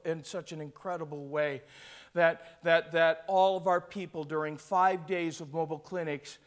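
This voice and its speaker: A man preaching as a pastor, telling a story and swelling into shouts to call for praise from his listeners. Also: fairly high pitch. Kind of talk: sermon.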